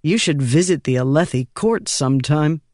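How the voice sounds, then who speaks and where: A man's voice: on the high side, expressive, moderate pace, darkish tone, no room sound, clean studio sound, lightly acted. A man voicing a wry, confident young nobleman soldier in an audiobook.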